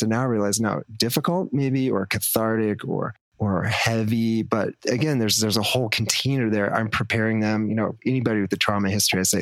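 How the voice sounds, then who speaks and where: A man who works as a ketamine therapist, telling stories in a reflective, measured way during a casual podcast conversation. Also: lowish voice, fairly even intonation, dry recording.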